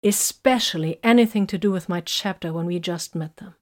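A hurt, bitter young woman warrior pours out her feelings in an audiobook, as a woman reads her part. The voice sits a little low and carries raw emotion through long confessions. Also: a little fast, natural voice. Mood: confessional. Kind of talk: audiobook character reading.

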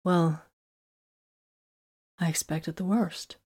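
A woman's voice: lowish voice, normal speed, a little mellow, natural voice. A woman reading a bitter, wounded woman warrior. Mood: hurt. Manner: hurt, confessional, emotional. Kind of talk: audiobook character reading.

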